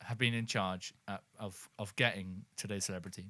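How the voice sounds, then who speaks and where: A man's voice: fairly low pitch, steady tone, fairly quick, bright, forceful tone, dry recording. A man co-hosting a comedy podcast, introducing segments in a hammy, announcer-like way. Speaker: podcast co-host. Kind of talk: comedic casual chat.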